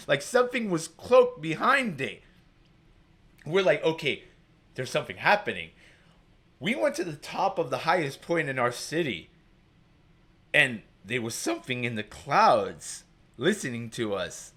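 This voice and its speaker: A man's voice: fairly high pitch, very animated, normal speed, a bit bright. A man telling a personal story as a guest, rambling and packing his talk with filler words. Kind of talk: casual storytelling.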